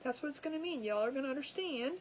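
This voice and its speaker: A high-voiced woman chats away while she works on a craft project, cracking herself up as she goes. Her talk is loose and rambling, and there is a faint hiss of background noise around her voice. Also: lively intonation, quick pace, rough recording. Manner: chatty, laughs at her own jokes. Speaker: crafting livestream host. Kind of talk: casual chat while crafting. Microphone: camera over a crafting table.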